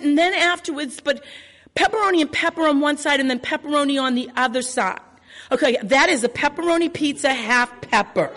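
High-voiced brash woman storyteller. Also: a bit bright. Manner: brash, swears freely, acts out scenes. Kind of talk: live personal storytelling. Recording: long hall reverb.

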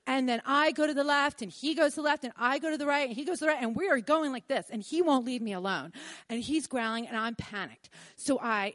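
Woman, middle-aged, live storytelling, animated, high pitch. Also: no echo. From Philadelphia. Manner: animated, acts out her own and others' lines.

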